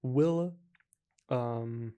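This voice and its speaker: A man's voice: mid-range voice, very slow, dark tone, smooth. A young adult man hosting a podcast in casual chat, laid-back and leaning heavily on filler words. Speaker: podcast host.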